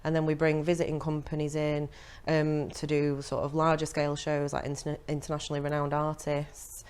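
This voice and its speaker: Low-pitched woman, chatty radio guest, stop-start delivery. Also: completely flat delivery, a little mellow, clean tone. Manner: chatty, halting, many fillers. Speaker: theatre front of house coordinator, guest. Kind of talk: casual radio chat.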